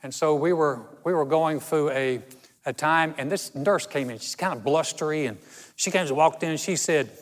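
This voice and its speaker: A man preaching a sermon, telling stories in a conversational way and slowing down for emphasis. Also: a little high. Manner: storytelling, conversational with dramatic slow emphasis. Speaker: pastor. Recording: long hall reverb.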